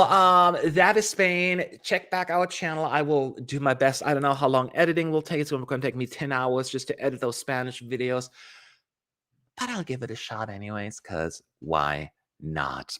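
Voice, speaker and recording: A man hosting a casual livestream for a fan channel, chatting in a rambling way and jumping into sudden high notes. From California. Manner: chatty, rambling, animated with sudden pitch jumps.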